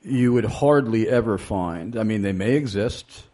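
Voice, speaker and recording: A man hosting a radio interview, talking in a deliberate way with frequent pauses and fillers. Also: fairly low pitch, warm tone. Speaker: radio show host. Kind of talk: interviewing a guest on a radio show.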